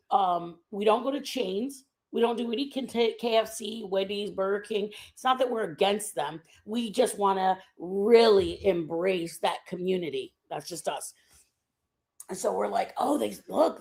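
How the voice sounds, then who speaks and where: A woman streaming a casual chat, telling a rambling travel story in an animated way and laughing often. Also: mid-range voice. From Texas. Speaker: stream host.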